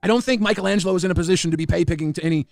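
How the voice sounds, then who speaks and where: A man telling a story in a casual way, fast and full of repeated restarts. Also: high-pitched, gravelly, dry recording, studio quality. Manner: rapid, repetitive restarts. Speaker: guest recounting drama.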